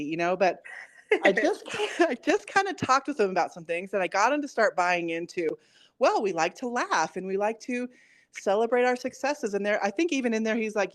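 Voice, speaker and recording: A woman's voice: mid-range voice, sing-song, fairly quick. Chatty woman telling a family story. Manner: chatty storyteller, quotes herself and her son. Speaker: coaching client. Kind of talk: casual conversation.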